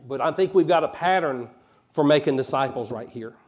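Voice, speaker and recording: A pastor from Alabama with a mild Southern accent, preaching a conversational sermon with folksy asides and rising emphasis. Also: male voice, fairly high pitch, expressive, fairly quick.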